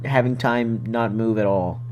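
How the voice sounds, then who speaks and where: A man's voice: on the low side, measured pace, a little mellow, slight background noise. A young man hosting a casual podcast, joking and playful as he rambles through his questions. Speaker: podcast host. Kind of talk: casual chat.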